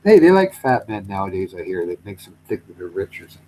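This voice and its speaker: A man's voice: deep voice, sing-song, fast talker, mellow, a little hiss or hum, low-quality recording. A man on a casual comedy chat show who tells rambling stories and swears freely. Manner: rambling storyteller, swears and acts out quotes.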